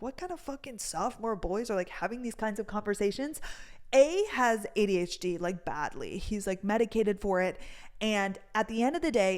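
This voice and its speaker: A young woman hosting a podcast and telling a long story in casual chat, full of fillers and swearing. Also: mid-range voice. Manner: chatty, fills with "like", swears freely. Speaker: podcast host.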